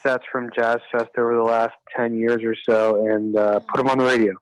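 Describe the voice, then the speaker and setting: A man's voice: mid-range voice, little pitch movement, brisk, no echo, poor audio. A man chatting casually on a video call, easygoing and chatty. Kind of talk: casual chat.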